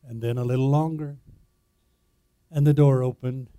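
A man preaching a sermon as pastor, emphatic, posing rhetorical questions to the congregation and swinging between loud declarations and quiet asides. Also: medium pitch, steady tone, normal speed, clean tone.

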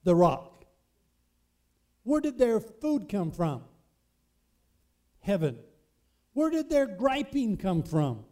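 A man's voice: high voice, big pitch swings, slow, long pauses, warm tone. A man preaching a sermon, emphatic and fond of asking his congregation questions.

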